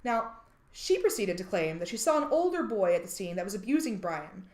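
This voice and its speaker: A woman's voice: mid-range voice, animated, brisk, darkish tone, roomy sound. A woman co-hosting a true crime podcast, reading out case details in a casual, joking way and sometimes swearing. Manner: reads case details, then jokes and swears. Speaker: podcast co-host.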